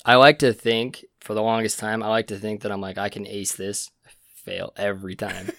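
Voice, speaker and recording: A man's voice: fairly low pitch, fairly even intonation, fairly quick, gravelly, fairly bright tone, dry recording, clean studio sound. A young man co-hosting a casual podcast chat, a rambling storyteller who laughs at his own stories, recorded on a podcast mic. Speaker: podcast co-host.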